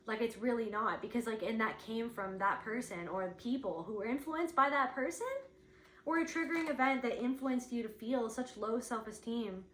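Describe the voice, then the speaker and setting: A woman's voice: a little high, normal speed, fairly bright tone, echoey room, slight background noise, rough recording. A woman giving an intuitive spiritual reading, thinking aloud in a searching, rambling way, with lots of "like". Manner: searching, rambling, heavy use of "like".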